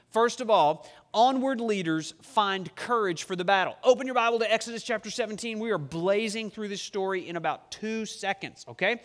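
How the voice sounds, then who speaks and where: A male pastor preaching a sermon in a church, emphatic and joking, stretching key words slowly for effect. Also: high voice, fairly bright tone. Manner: humorous, emphatic preaching with dramatic slowdowns. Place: church sanctuary. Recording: long reverb of a church hall.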